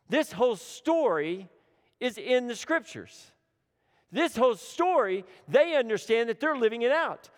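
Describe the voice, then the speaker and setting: A man preaching a sermon with dramatic swings between urgent, loud lines and hushed, low ones, repeating phrases for emphasis. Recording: long hall reverb.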